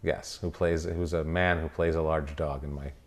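A man co-hosting a podcast, chatting casually about a movie in a rambling, halting way full of restarts. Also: rumbling low, level tone, slight background noise. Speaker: podcast co-host. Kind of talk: casual chat.

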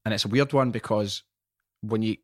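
A man's voice: on the low side, moderate pace, dry recording, clean studio sound. A Scottish man hosting a podcast, chatting casually and telling stories with plenty of swearing. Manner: swears freely, tells stories. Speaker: podcast host. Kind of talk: casual chat.

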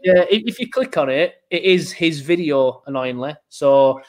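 A man's voice: on the high side, animated, moderate pace, darkish tone. A man co-hosting a podcast in casual chat, chatty and self-mocking, telling stories with animation. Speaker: podcast co-host.

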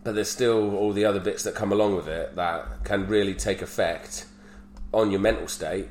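Low-voiced man in his thirties, an open, plain-spoken storyteller who swears as he goes. His voice sits in a roomy space with a faint hum underneath. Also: steady tone, moderate pace, a little mellow. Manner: candid storyteller, swears freely. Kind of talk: casual chat.

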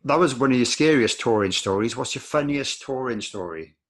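A man hosting a casual podcast interview, asking relaxed questions and giving short reactions. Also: medium pitch, fairly quick. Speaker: podcast host.

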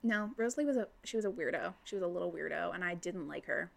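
A young woman co-hosting a casual book chat, animated and swearing, laughing often. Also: fairly low pitch, fast talker, vocal fry. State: tipsy. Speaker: podcast co-host.

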